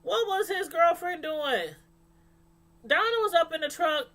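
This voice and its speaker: A woman reviewing a TV show in casual chat, rambling, animated and full of fillers. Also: very high voice, a little slow. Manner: animated, acts out quotes from the show; loose, rambling delivery with many fillers.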